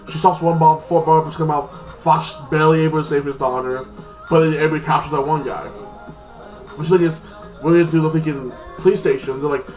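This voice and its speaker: A man's voice: fairly high pitch, steady tone, soft background music. Rambling man recapping a TV episode. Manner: rambling, filler-heavy, acts out quotes in quick voices. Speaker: TV episode reviewer.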